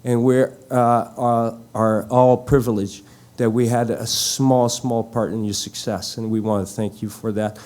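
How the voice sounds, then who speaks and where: A middle-aged man gives a live tribute speech as a former teammate, telling a story in halting phrases with many fillers and restarts. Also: mid-range voice, flat delivery, darkish tone.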